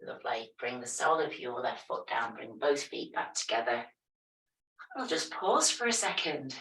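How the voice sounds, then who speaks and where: A woman teaching a yoga class, giving calm, step-by-step movement and breathing cues. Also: a bass voice, normal speed. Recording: echoey room, voice from a distance.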